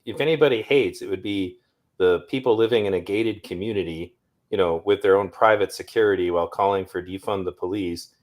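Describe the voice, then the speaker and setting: Guy guesting on a political show, low voice, arguing and kinda dismissive. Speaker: guest commentator. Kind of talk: political discussion.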